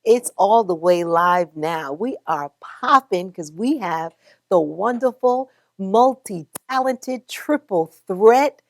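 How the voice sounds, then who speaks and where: A woman hosting a web talk show, lively and encouraging, laughing often with her guests. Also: mid-range voice, slow pace. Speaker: host. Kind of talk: upbeat cooking and interview show.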